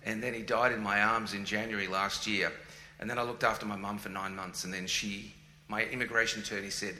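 A man's voice: lowish voice, steady tone, fairly quick, bright, forceful tone. A man in his forties with an Australian accent, chatting as a guest in a casual, joking, self-deprecating way. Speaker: guest musician. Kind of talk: casual conversation. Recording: echoey room with faint ambient hum.

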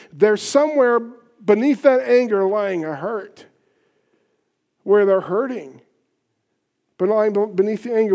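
A man with a fairly high voice preaches a sermon from the pulpit. He pushes his points hard, then drops to near a whisper for the tender lines, and leads the congregation in repeating phrases back to him. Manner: swings between loud emphatic points and soft hushed asides; leads congregation in call-and-response repetition. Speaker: pastor.

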